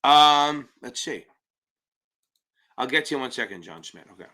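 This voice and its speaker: A man's voice: medium pitch, animated, moderate pace, pushed and bright. A man running a live-stream Q&A as an exam prep tutor, talking bluntly, rambling and swearing casually as he answers viewers.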